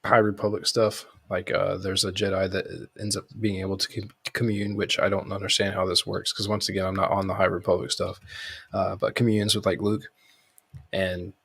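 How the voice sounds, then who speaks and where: A low, husky male voice in relaxed podcast banter. He wanders through his points, stopping and restarting with plenty of "like" and "uh" along the way. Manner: rambling, lots of fillers and restarts. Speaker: podcast co-host. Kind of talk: casual chat.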